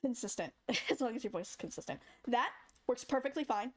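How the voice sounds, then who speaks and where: In an animated, fairly quick voice on the high side, a young woman guides viewers through a casual screen-recorded tutorial step by step. She keeps it chatty and demonstrates sounds as she goes.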